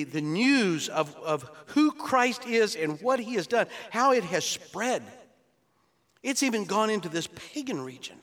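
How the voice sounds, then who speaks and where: A man's voice: high voice, bright, forceful tone. A male pastor preaching an expository sermon, explaining scripture in an earnest teaching tone that builds to emphatic peaks. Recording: long reverb of a large hall.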